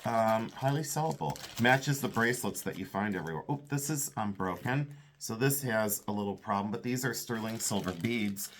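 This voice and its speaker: A man's voice: fairly low pitch, normal speed, few pauses, slight background noise. Chatty man sorting jewelry aloud. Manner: enthusiastic, thinks aloud while sorting. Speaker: vintage jewelry seller. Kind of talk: casual unboxing commentary.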